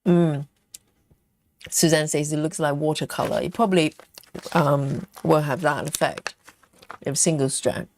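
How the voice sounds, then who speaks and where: A woman hosting a craft livestream, reading viewer comments aloud and thinking aloud with lots of ums in a relaxed, casual chat. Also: low voice, a little slow, pauses often, slight background noise. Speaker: cross-stitch livestream host.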